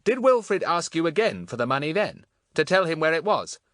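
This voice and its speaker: A man reading an audiobook, voicing an eager, bossy schoolboy detective in a brisk, confident manner. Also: on the high side, big pitch swings, fairly bright tone, dry recording, clean studio sound, voice pushed up. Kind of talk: audiobook character voice.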